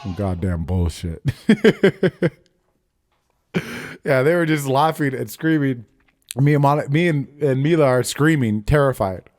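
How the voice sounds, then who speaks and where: A man's voice: medium pitch, expressive, measured pace, a little mellow. A man in his thirties hosting a podcast, telling stories in loose, profane casual chat and laughing often. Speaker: podcast host.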